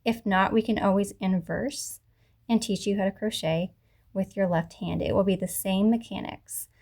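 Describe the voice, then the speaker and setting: A woman teaching a beginner crochet lesson, talking patiently through each step and slowing down to repeat the moves. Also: mid-range voice, steady tone, darkish tone. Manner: patient, talks through each step slowly, self-correcting. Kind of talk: tutorial instruction. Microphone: camera mic.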